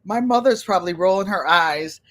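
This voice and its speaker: A woman's voice: fairly low pitch, fairly quick, a bit bright. An older woman chatting casually on a livestream, rambling from story to story and greeting viewers by name. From United States. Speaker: livestream host.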